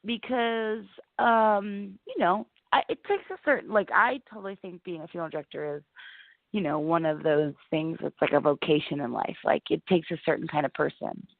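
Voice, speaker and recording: Guest comedian, young woman, chatty and animated storyteller; dry, tinny phone-like sound. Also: lowish voice, moderate pace, gravelly, no echo. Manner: chatty, animated, lots of "like" fillers. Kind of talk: casual interview storytelling.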